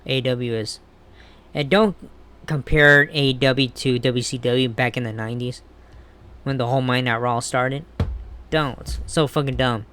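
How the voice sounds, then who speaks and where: A man's voice: mid-range voice, fairly even intonation, normal speed, pushed and bright, slight background noise. A man ranting bluntly and with heavy swearing in a casual wrestling commentary vlog. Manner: blunt, profane, heated ranting.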